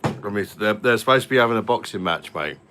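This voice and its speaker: Very deep-voiced man, forceful. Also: expressive, fast talker, a little hiss or hum. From London. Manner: rambling, chatty, full of fillers and repeats. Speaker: live-stream host. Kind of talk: casual live-stream chat.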